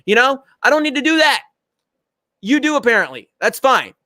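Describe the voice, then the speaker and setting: A man's voice: extremely high pitch, very animated, normal speed, bright, forceful tone, no room sound, clean studio sound. A man hosting a casual livestream chat, blunt and confrontational, with frequent swearing. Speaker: show host.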